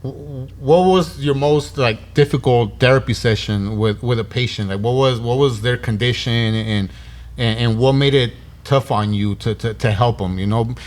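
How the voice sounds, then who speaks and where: Relaxed man, casual podcast host. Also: medium pitch, moderate pace. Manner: relaxed, warm, many fillers like "man" and "yeah". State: emotional. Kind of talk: casual conversation.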